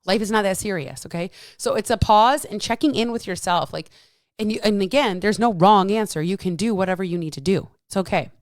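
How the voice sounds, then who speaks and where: A woman's voice: mid-range voice, fairly quick, no echo. Fitness coach lady on her podcast, blunt and sweary, medium voice, dry room. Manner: blunt, profane, emphatic. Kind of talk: casual solo podcast talk.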